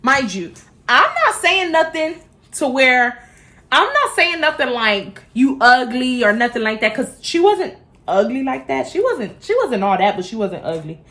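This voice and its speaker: A young woman from Houston tells a storytime straight to her phone camera, her voice bright and a little high. She talks fast and heated, full of cursing and worked-up asides. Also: big pitch swings. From Houston, Texas. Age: 20s. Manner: profane, heated, rapid storytelling. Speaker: vlogger. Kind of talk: storytime vlog rant.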